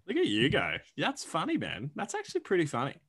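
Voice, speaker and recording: A man's voice: a little high, brisk, husky. A young man co-hosting a sports podcast, chatting casually and reeling off stats with plenty of fillers and jokes. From Australia. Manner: animated, joking, rattles off stats with lots of fillers. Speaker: podcast co-host.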